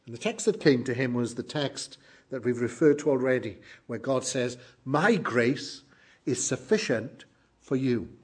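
A middle-aged man preaching a sermon, earnest and emphatic, moving between loud exclamations and hushed lines. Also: medium pitch, expressive, measured pace, breathy edge.

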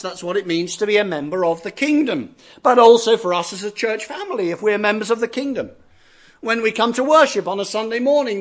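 Earnest high-voiced male preacher. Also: fairly bright tone. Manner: earnest, varied emphasis, slows down on key phrases. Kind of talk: sermon.

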